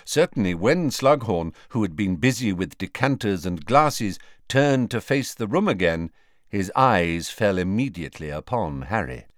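Slow, expressive male audiobook narrator. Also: fairly low pitch, dry recording, clean studio sound. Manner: unhurried, expressive storytelling. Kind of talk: scripted narration.

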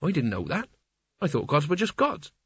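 A man's voice: on the high side, huge pitch swings, normal speed, slightly rough, no room sound, muffled recording, full character voice. A man voicing an earnest, blunt young man who speaks urgently and bitterly.

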